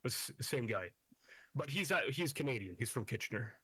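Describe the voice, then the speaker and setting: Mid-pitched man sharing trivia. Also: expressive, moderate pace, sharp tone, slightly rough, dry recording. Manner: shares trivia, self-correcting, mild swearing. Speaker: podcast co-host. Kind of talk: casual chat.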